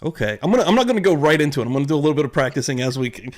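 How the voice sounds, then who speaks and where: A young adult man hosting a casual livestream, animated and excitable, swearing casually as he greets viewers. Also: a little high, very fast. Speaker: livestream host.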